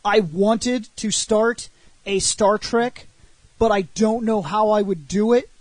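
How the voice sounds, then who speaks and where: A man hosting a casual podcast chat, telling stories with energy, swearing and acting out shouted lines. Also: high voice, slow pace, no echo. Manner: animated storyteller, shouts acted-out lines, laughs and swears. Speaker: show host.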